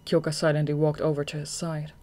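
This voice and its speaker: Brief: steady fan-audiobook narrator, plain mid-pitched reading. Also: fast talker.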